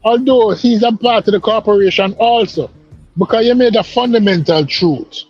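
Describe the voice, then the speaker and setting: A man's voice: high-pitched, normal speed, a little mellow, breathy edge, soft background music. A man from the Caribbean calling into a live stream, speaking earnestly and in a lecturing way, often repeating himself. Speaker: caller on a live stream panel. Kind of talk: casual political discussion. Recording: dull lo-fi call audio.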